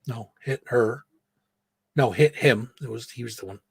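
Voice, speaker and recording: A man's voice: medium pitch, measured pace, vocal fry, darkish tone, husky, no room sound. A man hosting a live stream show, telling a school story casually with lots of swearing and acted quotes. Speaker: host.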